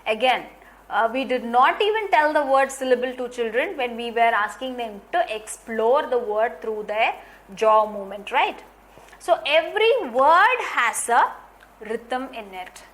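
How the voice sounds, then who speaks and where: A woman training teachers in phonics, explaining points slowly and deliberately and repeating key ideas. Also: a little high, animated, fairly bright tone. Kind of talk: instructional lecture.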